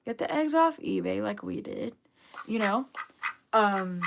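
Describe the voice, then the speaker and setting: A woman's voice: mid-range voice, expressive, unhurried, gravelly, a little hiss or hum. A young adult woman telling a rambling, upbeat story on a casual livestream, full of fillers. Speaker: vlogger, duck owner.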